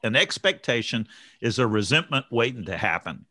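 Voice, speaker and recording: A man talking in a relaxed group chat, reflective and earnest, laughing easily. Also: mid-range voice, normal speed, dry recording. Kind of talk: casual group chat on recovery.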